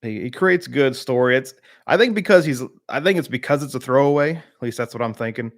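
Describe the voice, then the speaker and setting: A man's voice: mid-range voice, brisk. Southern guy rambling on a live stream, lots of uhs, answering chat by name. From Southern United States. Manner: rambling, filler-heavy, replies to chat by name.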